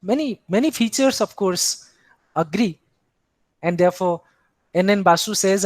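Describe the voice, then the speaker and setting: A man with an Indian English accent gives an academic philosophy lecture, asking rhetorical questions and speaking in the first person for the tradition he explains. His high-pitched voice is animated, a little mellow, and unhurried, with frequent pauses and no echo.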